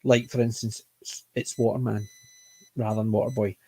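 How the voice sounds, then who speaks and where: A man's voice: on the low side, little pitch movement, normal speed, dark tone, breathy edge. Rambling man with a mild Scottish accent. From Scotland. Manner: rambling, frequent self-corrections and apologetic restarts. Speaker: TV show reviewer. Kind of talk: casual chat.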